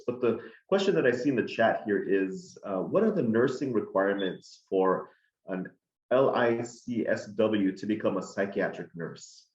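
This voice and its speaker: A man's voice: on the low side, darkish tone, echoey room, lo-fi sound. A man moderating a conference panel, thanking the speaker in a formal, courteous way.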